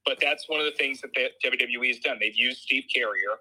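A man's voice: mid-range voice, fairly quick, sharp tone, low-quality recording. A man co-hosting a podcast, explaining a long story in casual chat and often agreeing. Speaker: podcast co-host.

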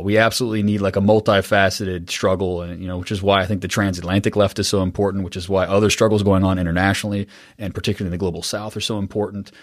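Low-ish guy host rambling through a podcast interview, lots of you knows, dry close mic. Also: no room sound. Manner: rambling, self-deprecating, lots of fillers. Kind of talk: casual interview chat.

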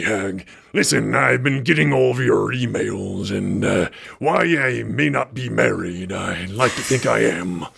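A man putting on a gravelly old pirate captain. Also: on the low side, a bit bright, pitched below the performer's own voice, full character voice. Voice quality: gravelly, raspy. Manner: drawling pirate talk with hesitant fillers. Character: gruff old male pirate captain, sea dog. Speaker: podcast host.

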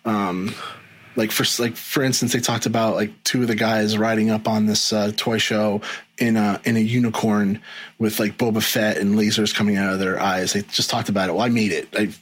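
A man's voice: lowish voice, little pitch movement, a little fast, poor audio. A middle-aged man talking casually as a podcast guest, rambling with many ums and restarts. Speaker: guest, video editor.

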